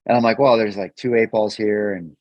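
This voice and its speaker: A man guest on a podcast, earnestly telling a personal story in a halting way, often repeating words when emotional. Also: lowish voice, steady tone, dry recording. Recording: dull, dry podcast mic.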